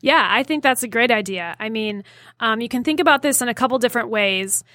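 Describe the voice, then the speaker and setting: Thoughtful woman guest, a bit high. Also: brisk, pushed and bright, dry recording, clean studio sound. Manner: thoughtful, hesitant, many fillers. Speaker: podcast guest and fellow podcaster. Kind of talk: casual podcast conversation.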